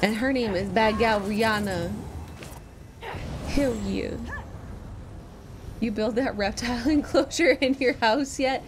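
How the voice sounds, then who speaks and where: A woman in her thirties streams live and chats casually in an unhurried way, with a voice pitched a bit high. She swears freely and breaks into loud, delighted exclamations. Every so often she drops into a soft, cooing tone to call her pet over. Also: background noise. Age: 30s. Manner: coos in a higher, softer voice to her pet.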